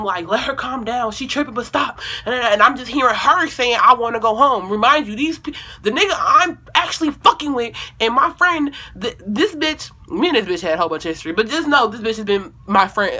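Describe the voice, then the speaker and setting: A young woman vlogger tells a personal story casually and animatedly, swearing a lot and acting out quotes. Her voice is fairly high-pitched.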